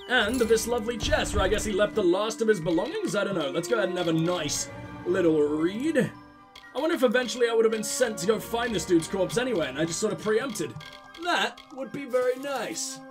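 A man's voice: high voice, animated, fairly quick, music in the background. A man hosting a let's play, rambling through casual game commentary with self-mocking jokes and lots of swearing.

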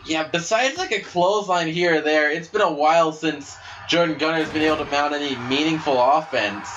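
A man giving play-by-play commentary on a wrestling video game, excitable and breaking into shouts at big moves. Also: a little high, moderate pace, dull audio. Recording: steady background noise.

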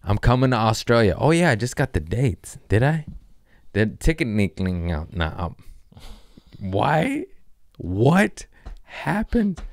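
A man's voice: fairly low pitch, sing-song, moderate pace, no echo. A man around forty hosting his own podcast, riffing loosely and jokingly in casual, profane chat. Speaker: comedian podcast host.

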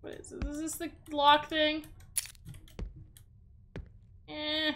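A young woman gaming streamer plays a horror game, tense, sweaty, and jumpy, cursing and talking to herself and her chat. Her voice is high-pitched, slow, monotone, and a little bright, with slight background noise.

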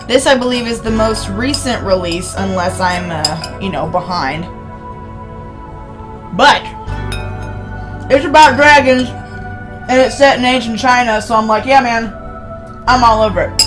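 Woman, higher voice, rambling live-stream chatter with viewers, faint game music behind. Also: measured pace, pauses often. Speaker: streamer playing a visual novel. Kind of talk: casual live-stream chat.

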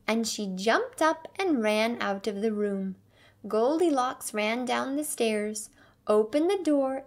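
A woman reading a fairy tale aloud slowly and carefully for English learners. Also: a little high, a little mellow. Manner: clear, careful storybook reading. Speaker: English teacher reading a story.

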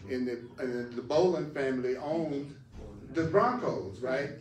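A man's voice: mid-range voice, a little slow, slight background noise. A man teaching a spiritual class emphatically, repeating phrases for stress. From United States. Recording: echoey room, voice far from mic.

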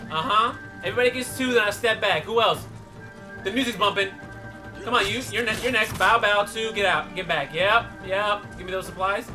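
A man doing let's play commentary, loud and profane, yelling at the game as he plays. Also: high-pitched. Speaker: gaming streamer.

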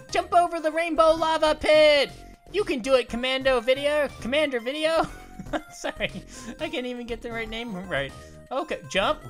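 A performer voicing a cheerful young male cartoon grape who jokes and cries out while playing a video game, over faint music. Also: high voice. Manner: excitable, jokey, cries out at near misses. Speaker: let's play commentator. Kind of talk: cartoon character let's play commentary.

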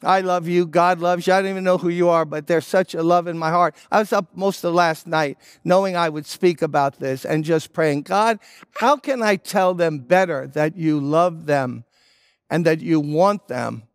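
An older man preaching a sermon as pastor, speaking earnestly and pleading directly with listeners, then leading them in a slow prayer. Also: fairly high pitch, clear, resonant tone, no echo, studio quality. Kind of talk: sermon with altar-call prayer.

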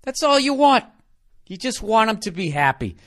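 Profane ranting comedian, fairly high voice. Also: male voice, very animated, moderate pace, a bit bright. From United States. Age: 40s. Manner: profane, sarcastic, conversational rant. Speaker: comedian podcast host.

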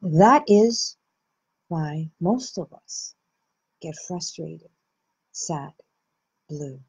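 A woman hosting a reflective self-help talk, speaking slowly and gently with soft pauses. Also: sits low, animated, slightly rough. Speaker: host.

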